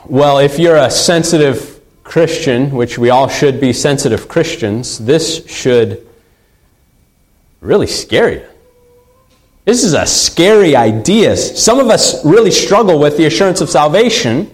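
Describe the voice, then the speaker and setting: A man delivers a sermon with earnest conviction. His voice sits a little higher than most men's. He drives his points home by repeating key phrases. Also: animated, measured pace, low-quality recording. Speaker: pastor.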